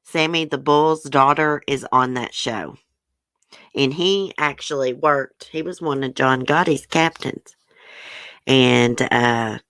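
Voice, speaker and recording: Woman streamer, low voice, dry close sound, chatty and blunt, answers her chat. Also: fairly bright tone, smooth, dry recording. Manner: chatty, frank and opinionated, talks back to viewer comments. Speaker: livestream host. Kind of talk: casual chat reading news and viewer comments.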